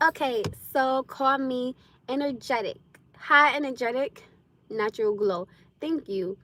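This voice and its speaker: A woman chatting casually on a livestream, loud and laughing often as she answers comments. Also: sits high, animated, a little slow, long pauses. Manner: loud, laughing, talks back to chat. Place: in her car.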